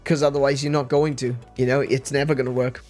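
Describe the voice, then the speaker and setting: Animated man chatting on stream. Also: medium pitch, fast talker, faint music behind. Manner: animated, laughs often, rambling restarts. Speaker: streamer host. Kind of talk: casual chat on a livestream.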